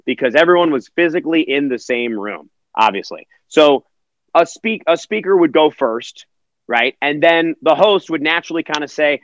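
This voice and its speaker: A man's voice: on the high side, moderate pace, a bit bright, dry recording, highs cut off. A man who works as a virtual event host, answering interview questions energetically and acting out quotes in other voices.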